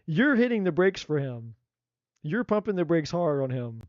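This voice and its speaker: A man giving a live tarot reading in a blunt, animated way, swearing freely and acting out what people might say. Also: sits high, normal speed, no room sound, dull audio. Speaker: tarot reader.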